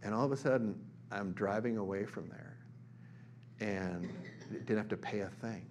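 A man's voice: fairly low pitch, normal speed, background noise. A middle-aged man preaching a sermon, moving between conversational storytelling and emphatic bursts.

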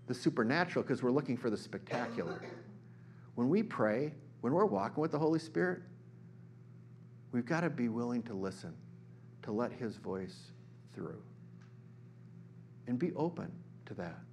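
A man's voice: medium pitch, lively intonation, moderate pace, pauses often, darkish tone, slight background noise. A middle-aged man preaching a sermon, moving between conversational storytelling and emphatic bursts.

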